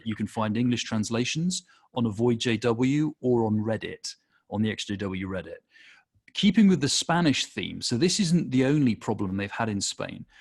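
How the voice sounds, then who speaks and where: A man with a husky, slightly low voice runs through a podcast news roundup. He talks in a chatty way, full of wry asides and self-deprecating jokes. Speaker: podcast co-host reading news segment.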